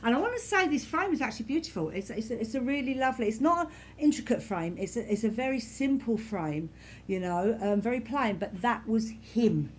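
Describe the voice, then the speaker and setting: A woman serving as a spiritualist medium, speaking softly and reassuringly to a congregation in a church, repeating herself often. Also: a little high, lively intonation, a little fast, a little hiss or hum. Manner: gentle, reassuring, repetitive, many "you know"s. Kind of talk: giving spirit messages to a congregation.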